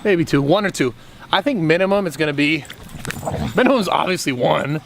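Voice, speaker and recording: A man's voice: fairly high pitch, expressive, moderate pace, gravelly. A young man chatting loosely in a fitness vlog, joking and swearing a lot. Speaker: fitness vlogger. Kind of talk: casual vlog chat. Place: at home with a dog. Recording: noisy home recording.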